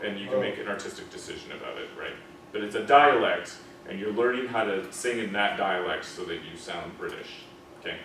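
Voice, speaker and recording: A man with a slightly low voice leads a diction class for singers, explaining pronunciation in an easygoing, conversational way. He demonstrates vowel sounds aloud and keeps checking that the students follow. The recording is distant and very echoey, with a faint hiss. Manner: conversational, checks understanding with frequent "okay?" and "right?". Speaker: diction teacher. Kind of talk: classroom lecture on British received pronunciation for singers. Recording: echoey room, mic far off, faint noise.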